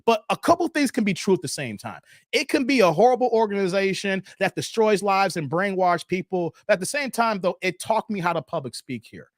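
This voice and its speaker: A man's voice: high-pitched, a bit bright, dry recording, studio quality. A man in his forties hosting a live stream, reacting to clips and talking straight to his chat viewers. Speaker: livestream host.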